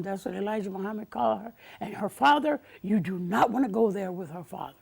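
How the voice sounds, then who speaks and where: Gravelly older woman telling lively stories. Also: mid-range voice, brisk, hardly any pauses. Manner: animated storyteller, acts out quotes, laughs often. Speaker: guest. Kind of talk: storytelling interview.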